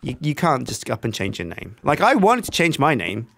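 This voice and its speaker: A man's voice: mid-range voice, wildly swooping pitch, moderate pace, creaky, fairly bright tone, slight background noise. A man hosting a Minecraft let's-play, joking and teasing in casual voice chat on a headset mic.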